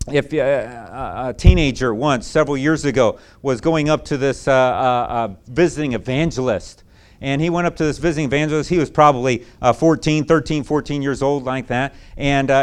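A man's voice: mid-range voice, clear, resonant tone. A male pastor preaching a sermon to a congregation, speaking emphatically with folksy repetition.

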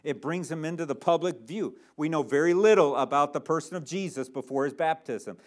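A male pastor preaching a sermon, dropping low on asides and rising sharply when he voices quotes and drives home his points. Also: fairly quick.

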